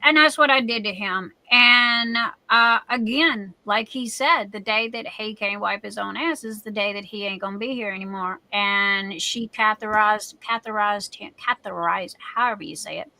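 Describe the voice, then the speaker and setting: Bright-voiced candid woman host. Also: a little high, normal speed, vocal fry, few pauses, no echo, low-quality recording. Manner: candid, emotional storytelling. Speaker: livestream host. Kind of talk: casual chat.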